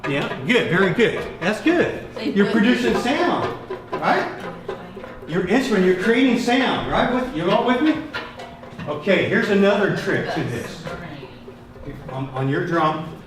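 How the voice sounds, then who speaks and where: Man, workshop leader, lively pitch and a slightly high voice, encouraging and patient with a group, caught on a distant mic in an echoey, noisy room. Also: measured pace. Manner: encouraging, asks the group questions, repeats praise. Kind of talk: hands-on group music lesson. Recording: echoey room from far off, background noise.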